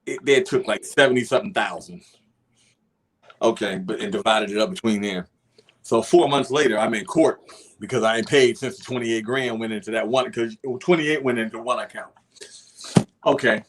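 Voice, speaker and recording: A young adult man telling his own story in casual podcast talk, animated and profane. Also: fairly low pitch, normal speed.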